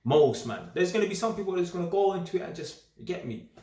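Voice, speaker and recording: A young man giving a casual, straight-talking monologue in streetwise slang, animated and emphatic and often repeating himself. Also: high voice, fairly quick. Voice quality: streetwise slang-heavy talk. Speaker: vlogger. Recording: roomy echo.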